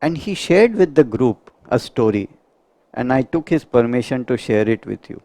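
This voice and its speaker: Gravelly man lecturing a group. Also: mid-range voice, lively intonation, mellow, no room sound. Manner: asks the audience rhetorical questions, measured and earnest. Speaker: homeopath giving a talk. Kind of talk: spiritual lecture to a live group.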